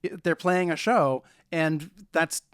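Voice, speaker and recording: Wry man chatting about a film, slightly high voice. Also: slow pace, a bit bright, clear, resonant tone, no echo, clean studio sound. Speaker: podcast guest. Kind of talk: casual film chat.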